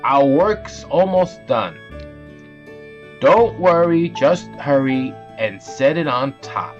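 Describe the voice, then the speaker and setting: A man voicing a bossy, pushy male moose who shouts orders. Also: fairly high pitch, lively intonation, slow pace. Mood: bossy, commanding. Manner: loud, commanding, shouting orders. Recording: dull lo-fi audio with music.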